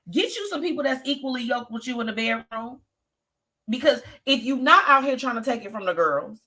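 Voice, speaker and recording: Sassy bright-voiced woman host. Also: a little high. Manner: sassy, chatty, talks straight to listeners. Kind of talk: live show gossip commentary.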